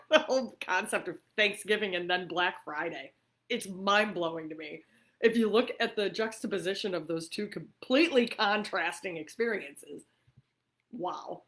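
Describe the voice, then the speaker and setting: A middle-aged woman from New York hosts a casual livestream chat from her living room, talking freely with frequent fillers and laughs. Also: mid-range voice. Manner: chatty, warm-hearted and laughing often, with many fillers. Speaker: livestream host.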